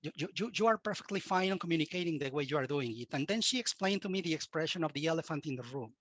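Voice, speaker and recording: A man with a Mexican Spanish accent speaks earnestly as an interview guest, with Spanish as his first language. His voice sits a little high for a man and often stumbles into repeated words. The recording is dry and close, with little room sound. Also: animated, very fast, fairly bright tone, no room sound. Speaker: guest expert. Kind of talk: interview, conversational advice.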